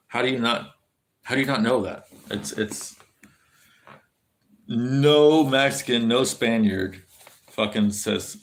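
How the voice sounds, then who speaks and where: A man's voice: mid-range voice, steady tone, a little slow, slight background noise. An American man from California, chatting casually on a livestream, rambling and swearing a lot with plenty of fillers as he answers chat. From California, USA. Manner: rambling, profane, lots of fillers.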